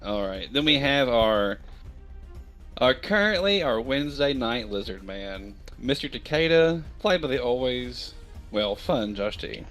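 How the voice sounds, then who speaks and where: A man's voice: mid-range voice, animated, measured pace, a bit bright, soft background music. A man hosting a livestreamed tabletop game as game master, upbeat as he introduces the players. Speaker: game master and show host.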